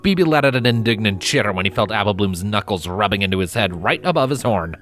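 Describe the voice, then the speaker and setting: A man narrating a fanfiction story in a calm, steady read-aloud manner. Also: lowish voice, fast, soft background music. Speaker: fanfiction reader.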